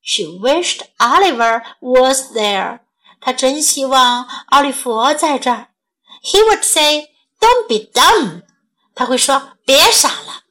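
A woman reading a bilingual children's bedtime story in a gentle, clear way, as if for young listeners. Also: high-pitched, expressive, slow pace, rough recording.

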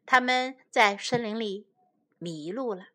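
A woman who teaches English to children reads a bilingual storybook aloud, unhurried and careful. Her voice sits high and light, and her delivery is gentle and clear. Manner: slow, careful, gentle reading.

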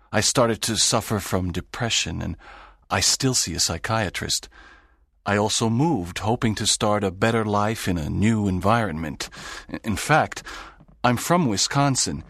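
A man's voice: on the low side, expressive, measured pace, creaky, fairly bright tone, breathy edge, no room sound, studio quality, heavily acted. A man playing a sad, lonely teacher. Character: sad, lonely, strict middle-aged male teacher. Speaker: narrator's teacher. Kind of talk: audiobook drama reading.

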